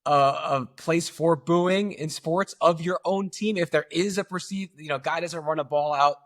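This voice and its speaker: A man with a fairly high voice chats on a podcast, working through his thoughts out loud with plenty of fillers. His pace is relaxed and conversational. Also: moderate pace. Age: late 30s to early 40s. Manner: thinking aloud with many fillers. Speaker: podcast co-host. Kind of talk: casual opinion chat.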